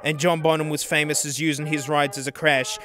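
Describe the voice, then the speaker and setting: A young man hosts a drum channel vlog, talking casually, excitably and fairly quickly. His volume jumps from low mutters to loud outbursts.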